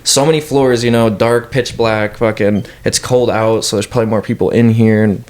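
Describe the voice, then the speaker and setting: A man casually telling a story as a guest, swearing and acting out what people said. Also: on the low side. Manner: fast, animated, swearing, acts out quotes. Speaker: guest urban explorer.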